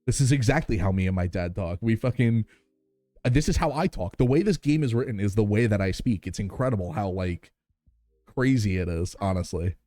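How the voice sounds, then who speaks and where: A man with a low, mellow voice chatting casually while he streams and reads a game aloud. He talks in a relaxed, unhurried way, stretching his fillers, with faint music playing behind him. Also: no room sound.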